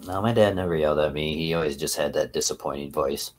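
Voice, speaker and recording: A man with a remarkably deep, low voice hosts a casual livestream, chatting straight to his viewers. He rambles and swears freely, circling back on his thoughts as he goes. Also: fast. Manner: rambling, profane, talks to chat. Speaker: livestream host.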